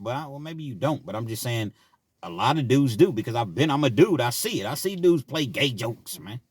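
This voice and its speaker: A middle-aged man casually telling a personal story, laughing often and swinging between loud bursts and quiet asides. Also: mid-range voice, expressive, brisk, slightly rough, dry recording. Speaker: storyteller vlogger.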